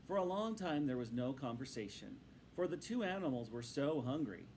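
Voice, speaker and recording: A man reading a storybook aloud to his students in a patient, instructive and expressive way. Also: medium pitch, normal speed, slight background noise, rough recording.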